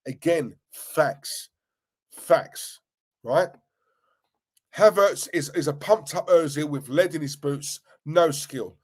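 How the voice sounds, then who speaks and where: A middle-aged man, hosting a live football fan stream in an animated, slangy rant. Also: a little high, slow. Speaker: fan channel host.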